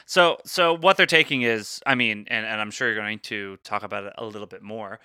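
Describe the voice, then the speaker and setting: A man's voice: on the low side, brisk, sharp tone, no room sound, clean studio sound. A man co-hosting a podcast, chiming in with short, joking replies. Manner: brief joking interjections. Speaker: podcast co-host. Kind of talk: casual chat.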